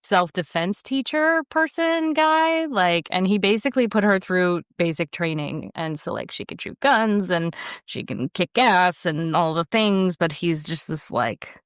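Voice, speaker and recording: A woman's voice: on the low side, lively intonation, measured pace, smooth, dry recording, studio quality. A young adult woman, an audiobook narrator, chatting casually in an interview and rambling with lots of fillers. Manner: rambling, lots of fillers, self-deprecating laughs.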